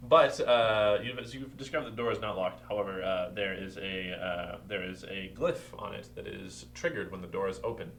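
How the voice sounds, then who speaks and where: A man narrating a tabletop game as game master, describing scenes in a halting way with frequent fillers. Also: low voice, vocal fry, a bit bright, echoey room, slight background noise. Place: room at a gaming table.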